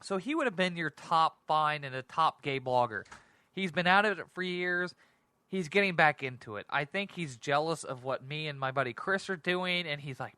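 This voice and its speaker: A man hosting a casual solo talk show, rambling and excitable, often laughing at himself. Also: a little high, moderate pace, smooth, no room sound. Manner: rambling, giggly, self-deprecating; excitable and animated. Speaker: podcast host.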